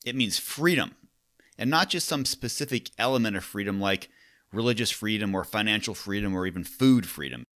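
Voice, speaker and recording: A man's voice: lowish voice, expressive, fairly quick, a bit bright, dry recording, studio quality. A man hosting a solo podcast as a coach, talking in a casual, wry, conversational way.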